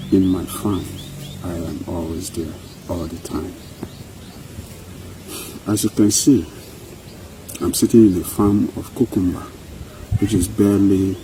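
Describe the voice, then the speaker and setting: A Nigerian man in middle age talks in a very low voice, earnest and emphatic, repeating phrases like a speech. He is outdoors on a farm, and clear vehicle noise runs behind him. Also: mellow, poor audio. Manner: earnest, emphatic, repetitive oratory. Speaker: company CEO and farmer. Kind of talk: on-site interview monologue.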